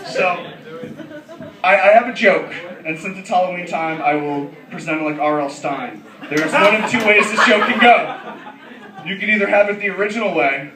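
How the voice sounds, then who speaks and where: A man doing a stand-up comedy set, brash and profane, laughing through his lines. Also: high voice. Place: comedy club. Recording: echoey club, distant mic, loud crowd.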